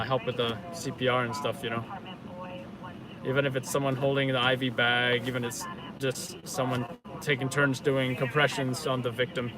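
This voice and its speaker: Broadcasting live from inside a car, a man chats casually with viewers, meandering, using lots of fillers and correcting himself. His pitch is medium, and the rough recording picks up car and street sounds.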